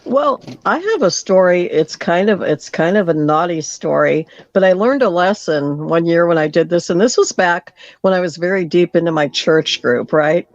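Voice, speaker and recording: A caller on a call-in show tells a story in a lively way, acting out the lines of the people in it. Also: medium pitch, moderate pace, few pauses, no room sound. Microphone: phone call. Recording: dull dry phone line.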